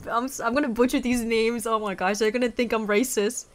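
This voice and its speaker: A young woman hosting a casual gaming video, giggly and excitable as she chats with a friend. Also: fairly high pitch, a little fast.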